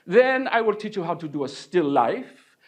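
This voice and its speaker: A haughty old art master who lays out his rules with cold scorn and bursts into shouting fury, as a man puts him on in a stage show. The voice climbs high and swings sharply as he scolds. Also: very animated, moderate pace. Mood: lecturing. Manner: lecturing, then yelling. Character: snooty older male art master, scornful and bossy.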